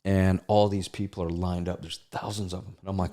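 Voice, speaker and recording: A middle-aged man, an actor being interviewed, spins casual anecdotes in a low, brisk voice. Full of animation, he impersonates the people he quotes, switching voices as he goes.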